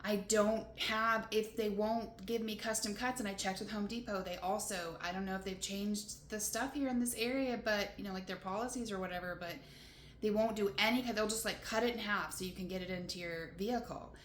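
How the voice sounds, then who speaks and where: Speaking fairly quickly in a steady mid-range voice, this van-life vlogger tells a long, rambling story to camera, full of "like" and "you know," with laughter breaking up her frustrations. The motel-room recording carries a roomy echo and a little hiss or hum.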